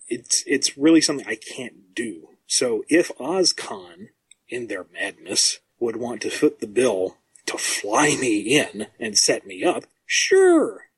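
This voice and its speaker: A man who writes comics, talking as a podcast guest in a measured, self-deprecating way with frequent ums. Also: mid-range voice, breathy edge. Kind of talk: casual podcast chat.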